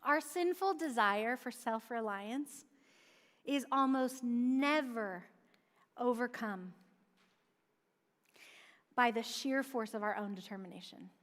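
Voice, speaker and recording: A woman's voice: on the high side, slow pace, long pauses, fairly bright tone. A woman preaching a sermon in a church, earnestly asking questions and answering them herself. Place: church sanctuary. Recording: long church-hall reverb.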